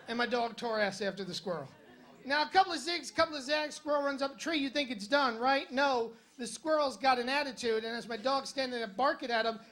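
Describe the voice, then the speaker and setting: A man's voice: very high voice, sharp tone. A male stand-up comedian telling jokes and stories on a comedy club stage in a wry, conversational way, with punchy jokes. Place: comedy club stage in front of a live audience.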